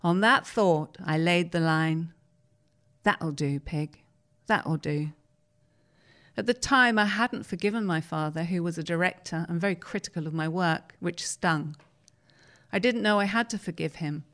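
A woman, reading newspaper articles aloud on the radio in a steady, measured way. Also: on the low side. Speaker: radio reader.

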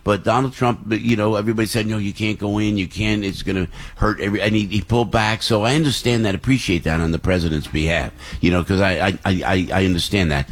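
A man hosting a talk radio show, reading live ads and interviewing guests in an excitable, rambling way in a studio. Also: on the low side, fast talker, hardly any pauses. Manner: excitable, rambling, laughs through reads. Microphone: studio microphone.

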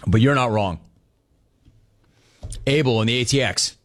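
Guy hosting sports talk, jokey and animated, goes off on tangents reading fan messages. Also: mid-range voice, a little slow, long pauses. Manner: animated, jokey, digressive storytelling. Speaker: sports talk show host.

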